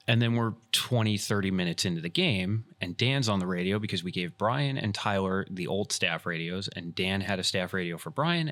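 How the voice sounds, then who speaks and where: A man hosts a casual podcast and retells a story with energy, acting out what each person in it said. His voice sits low, but the tone is bright and forward. He talks like someone chatting with friends. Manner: animated retelling, acts out quoted dialogue. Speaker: podcast host and airsoft field staff.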